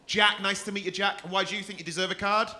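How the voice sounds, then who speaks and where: Compere, male, high and bright voice, crude crowd work on a club stage. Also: level tone, fast. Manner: swearing, teasing audience members.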